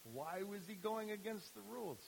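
A man delivers a loose, conversational sermon, full of fillers and restarts. His voice sits a little high for a man. A faint hiss runs under the recording. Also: animated, normal speed, vocal fry, low-quality recording. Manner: conversational, many fillers and restarts, laughs at own remarks. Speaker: youth ministry speaker. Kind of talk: informal sermon.

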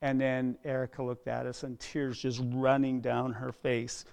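A middle-aged man preaching a sermon as a pastor, earnest, dropping to a hush and then rising loud, often repeating words. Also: medium pitch, level tone, measured pace, creaky. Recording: long hall reverb.

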